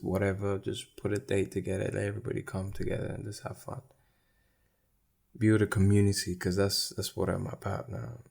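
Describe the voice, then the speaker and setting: Thinking out loud on his own podcast, a twenty-something male host rambles candidly in a relaxed solo chat. He speaks in a low, creaky voice.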